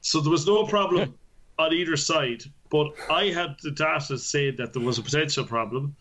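Profane laughing network engineer. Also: male voice, fairly high pitch, normal speed, a bit bright, a little hiss or hum. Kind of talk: casual chat.

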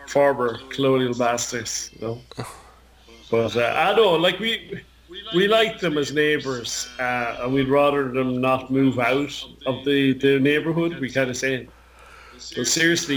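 A man's voice: mid-range voice, fairly bright tone, rough recording. A man from Ireland with an Irish accent, chatting casually on a podcast, rambling and joking with frequent restarts. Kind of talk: casual chat.

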